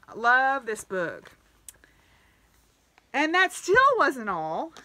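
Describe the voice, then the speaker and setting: Bright-voiced woman gushing over gifts. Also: fairly high pitch, no echo. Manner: gushing, grateful, chatty with laughs. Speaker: knitting podcast host. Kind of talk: casual chat to camera.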